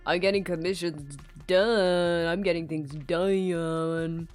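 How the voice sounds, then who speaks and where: Low-voiced chatty woman streamer. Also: fairly even intonation, takes it slowly, faint music behind. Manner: chatty, greets viewers by name, laughs often. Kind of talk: casual live-stream chat.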